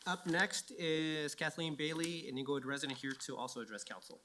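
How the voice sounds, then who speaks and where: A man chairing a council meeting, brisk and procedural as he thanks speakers and calls the next. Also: on the high side, bright, forceful tone, a little hiss or hum.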